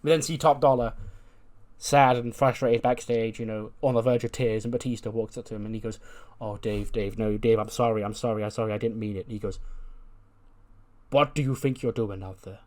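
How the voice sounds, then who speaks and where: A man casually narrating a wrestling game, retelling each character's promo in quick, filler-heavy speech. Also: lowish voice, steady tone, a little mellow. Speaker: let's-play narrator.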